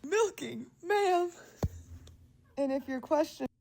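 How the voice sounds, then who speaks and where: A woman's voice: sits high, expressive, slow pace, gravelly, a little mellow, a little hiss or hum. A woman in a social media clip retelling a book in a giggly, amused way. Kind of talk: casual book review video.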